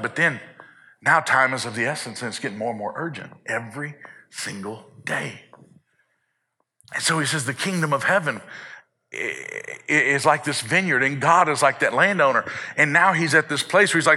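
A man's voice: mid-range voice, lively intonation, normal speed, pushed and bright. A man preaching a sermon in an earnest tone, building urgency and repeating words when he gets fired up.

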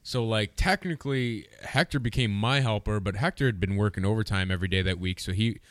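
A man's voice: on the low side, fairly quick, no room sound. A man co-hosting a podcast, telling a story in loose, profane casual chat and laughing often. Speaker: podcast co-host.

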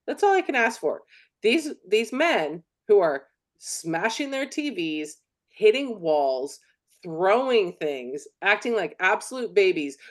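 A woman co-hosting a podcast in casual chat, blunt and emphatic, swearing freely. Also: on the low side. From United States. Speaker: podcast co-host.

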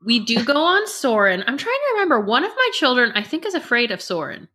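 A woman's voice: fairly high pitch, huge pitch swings, brisk, bright, forceful tone. A woman in her forties chatting casually as a podcast co-host, telling family stories and acting out what people said. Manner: chatty storyteller who acts out family quotes. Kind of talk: casual chat.

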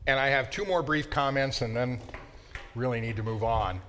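A man teaches a Bible class in an easygoing, conversational manner, moving from anecdote to scripture. His voice sits at an ordinary middle pitch for a man. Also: moderate pace, fairly bright tone, a little hiss or hum.

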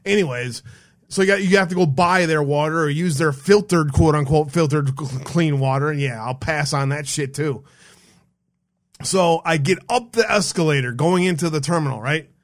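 A male host with a somewhat high voice tells a story in a fired-up rant. He swears constantly and keeps stumbling and restarting mid-sentence. His delivery is casual and heated. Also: moderate pace. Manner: profane, heated, restarts often. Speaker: stream host taking callers.

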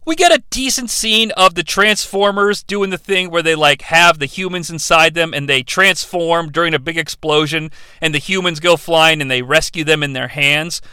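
A man's voice: a little high, normal speed, few pauses, bright, forceful tone, clean tone, no echo. A man reviewing a movie in a sarcastic, profane, rambling comedic rant.

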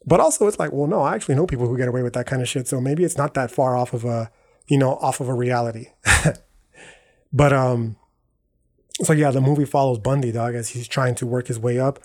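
A man's voice: medium pitch, brisk. A man hosting a podcast in a casual, slangy monologue, profane and rambling, checking in with "right?" and "dog" as he goes. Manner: rambling, self-correcting. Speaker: podcast host.

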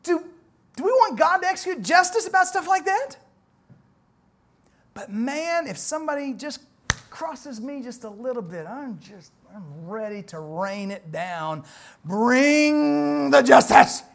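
A man's voice: very high-pitched, expressive, a little slow. Brief: middle-aged male preacher, sermon delivery, dynamic volume swings, pointed rhetorical questions. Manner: dramatic swings from soft to loud, rhetorical questions.

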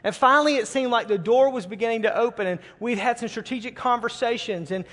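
Pastor, man, middle-aged, earnest storytelling sermon, high voice, reverberant hall. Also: fast, a bit bright. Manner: earnest, repeats words when starting phrases.

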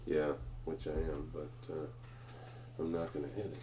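Give me a very deep, blunt man cursing at a board game, with faint noise behind. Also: monotone, normal speed, mellow. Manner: blunt, profane, counting dice aloud. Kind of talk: casual chat over a tabletop war game.

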